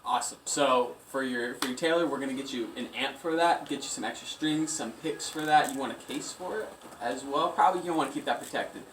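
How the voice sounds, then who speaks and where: Man, sales pitch, eager, faint noise behind. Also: a little fast, few pauses, a bit bright. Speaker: store salesperson. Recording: echoey room, mic far off.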